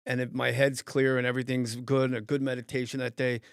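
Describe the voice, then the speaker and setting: A man's voice: medium pitch, fast, vocal fry, clean tone, no room sound, clean studio sound. A middle-aged man, a comedian hosting a podcast, telling stories in casual chat and acting out heated quotes. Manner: animated, acts out heated quotes loudly.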